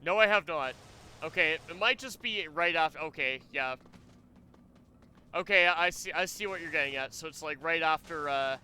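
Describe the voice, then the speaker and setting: A man's voice: fairly high pitch, normal speed, bright, forceful tone, slight background noise. A man streaming a video game, chatting casually as he plays, rambling and joking with frequent laughs. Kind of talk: casual gameplay commentary.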